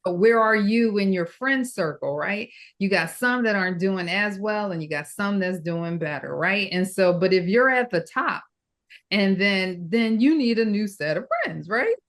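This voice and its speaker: A woman's voice: mid-range voice, lively intonation, normal speed. A woman co-hosting a casual podcast, talking things through and often checking in with "right?". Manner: reflective, keeps checking in with "right?". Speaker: podcast co-host. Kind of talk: casual chat.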